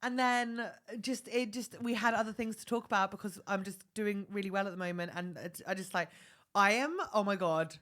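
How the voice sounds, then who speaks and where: Woman, podcast co-host, casual chat, dry teasing, self-mocking, mid pitch. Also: steady tone, fairly quick, a bit bright.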